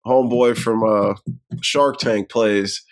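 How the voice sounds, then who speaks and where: A man's voice: lowish voice, steady tone, slow pace, no room sound. A man co-hosting a podcast, casually and profanely retelling movie scenes and acting out the characters' lines. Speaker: podcast co-host. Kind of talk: casual film review chat.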